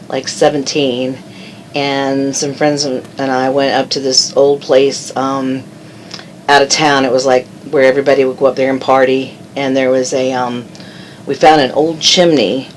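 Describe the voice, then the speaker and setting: Flat-voiced woman recalling a story. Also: rumbling low, a little hiss or hum, rough recording. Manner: halting recollection with fillers. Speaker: interview guest. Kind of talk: casual storytelling.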